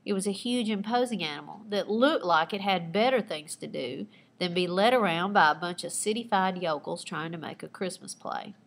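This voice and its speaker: A woman teacher reading aloud her own personal narrative with lively expression, pausing to point out the writing techniques she used. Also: on the low side. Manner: expressive storytelling with asides pointing out figurative language.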